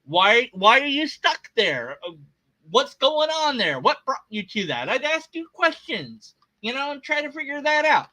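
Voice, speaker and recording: A man's voice: extremely high pitch, very animated, a little slow, sharp tone, no room sound. A man hosting a reaction video, ranting at a clip with sarcastic, exasperated, over-the-top comedy.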